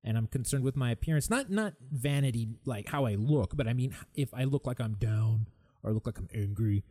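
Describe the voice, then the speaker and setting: A man's voice: mid-range voice, animated, brisk, dark tone. A man hosting his own podcast, talking candidly and with exasperation about stress, sometimes mimicking other people. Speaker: podcast host. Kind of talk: solo podcast monologue.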